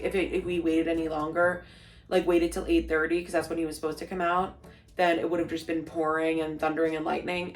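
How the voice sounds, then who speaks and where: A young woman telling a story in a casual vlog, gushing and full of "like", acting out what people said. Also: low voice. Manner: gushing, lots of "like", acts out quotes. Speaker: vlogger.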